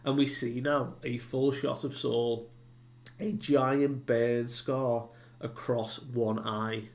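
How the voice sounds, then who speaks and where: Man, manga recap, casual, filler-heavy, gravelly, flat tone. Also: mid-range voice, slow. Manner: loose retelling with many fillers. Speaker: manga reviewer.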